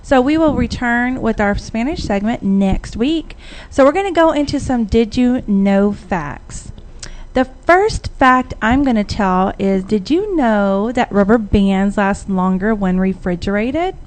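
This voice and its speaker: A woman's voice: fairly high pitch, a little slow, slight background noise. A woman, hosting a casual radio talk show and telling stories with acted-out quotes. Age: 40s. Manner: animated storyteller who acts out quoted voices. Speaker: radio host.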